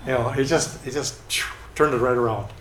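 A man's voice: mid-range voice, fairly even intonation, moderate pace. Guy rambling thru stories, lots of ums and restarts, kinda echoey room w faint hiss. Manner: hesitant, many fillers and restarts. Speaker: photographer telling stories. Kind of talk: casual storytelling.

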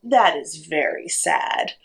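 A woman voicing a giant, calm eagle in a spoken storybook, speaking slowly and low. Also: husky, exaggerated voice. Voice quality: slow, low and measured. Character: giant calm eagle, deep-voiced and unhurried.

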